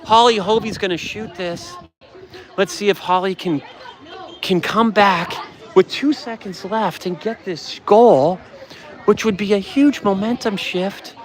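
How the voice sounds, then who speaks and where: A man commentating a youth water polo game live from the stands, excitable, with chatty asides, hoarse from yelling. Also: high-pitched, a little slow, a faint crowd. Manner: excitable, shouts on big plays, chatty asides. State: coughing from yelling. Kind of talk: excited amateur play-by-play commentary.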